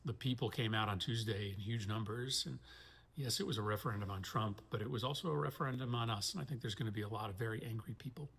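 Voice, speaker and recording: A man, a senator, speaking earnestly and in a measured way in played-back clips. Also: on the low side, vocal fry, fairly bright tone, breathy edge. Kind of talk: political speech in clips.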